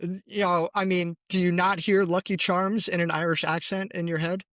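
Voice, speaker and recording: Male co-host, bright voice, dry close mic, laughing casual banter. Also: high-pitched, level tone, moderate pace, no echo. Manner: jokey, laughing, self-teasing. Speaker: podcast co-host. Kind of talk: casual chat.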